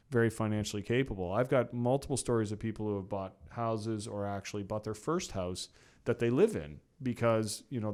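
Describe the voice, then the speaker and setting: Animated middle-aged man telling a story. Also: lowish voice, clean tone. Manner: animated storyteller, acts out quoted exchanges, frequent fillers. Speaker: podcast guest. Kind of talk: casual storytelling interview.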